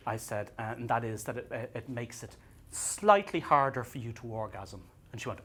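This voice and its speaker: Male stand-up comic on stage mic, bright tone, lively swooping pitch, stumbling self-mocking delivery. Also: normal speed, breathy edge. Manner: self-deprecating, stammering restarts, acts out dialogue. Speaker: stand-up comedian. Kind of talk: stand-up comedy set. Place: comedy venue stage.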